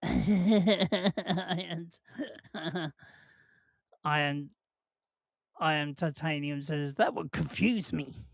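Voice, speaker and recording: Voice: mid-range voice, extremely slow, gravelly, long pauses, no echo, studio quality. A host, chatting casually on a live watch-along stream, rambling and jokey, laughing often and putting questions to the chat.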